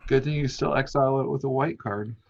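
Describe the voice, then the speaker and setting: Male co-host, gravelly and husky, dry teasing one-liners, dull lo-fi recording. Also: mid-range voice, fairly quick, darkish tone, no echo. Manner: short dry teasing remarks. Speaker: podcast co-host. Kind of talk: casual chat. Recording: dull lo-fi mic.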